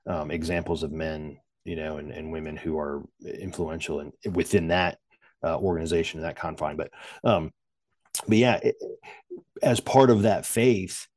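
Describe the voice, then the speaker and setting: A man with a very low, deep voice speaks in a loose, rambling way, full of fillers and restarts. He jokes about himself as he talks through his story. The sound is dry and close, with no room around it. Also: steady tone, normal speed, darkish tone, no room sound. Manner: self-deprecating humor. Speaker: podcast guest. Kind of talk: casual conversational interview.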